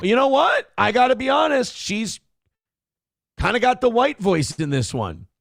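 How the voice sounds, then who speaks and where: A man's voice: very high-pitched, big pitch swings, normal speed, creaky, a bit bright, no room sound, studio quality. Crude, sarcastic male show host. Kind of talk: casual live-stream commentary.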